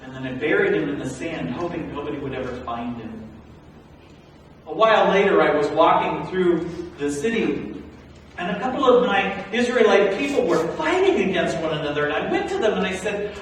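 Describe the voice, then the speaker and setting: A male pastor preaching a sermon as a first-person Bible story, animated and swinging from hushed to loud. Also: on the high side, moderate pace, slight background noise. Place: large church sanctuary. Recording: echoey hall, recorded from far off.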